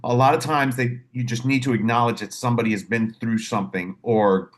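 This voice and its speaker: A man on a podcast telling animated, profane stories about his clinical work, acting out the voices in them. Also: medium pitch, fairly quick. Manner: animated storyteller, profane, acts out quotes. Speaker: podcast host, mental health clinician. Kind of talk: casual podcast chat.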